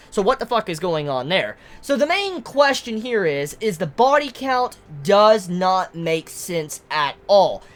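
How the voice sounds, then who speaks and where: Woman, manga reviewer. Animated, expressive delivery, swears freely, stumbles and restarts. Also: mid-range voice. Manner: excited, swears a lot, stumbles on words. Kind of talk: casual commentary.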